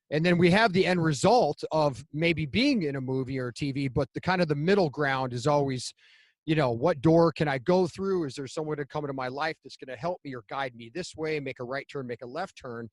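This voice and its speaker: A man's voice: a little high, brisk. A man co-hosting a podcast, chatting casually and asking long, encouraging questions. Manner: encouraging, asks rambling questions. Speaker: podcast co-host. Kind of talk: casual interview chat.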